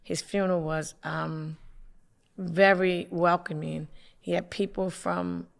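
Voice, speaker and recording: A councilwoman from hosting a local community TV show, with the hiccups, making announcements in a halting way with many fillers. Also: on the low side, steady tone, vocal fry. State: has the hiccups.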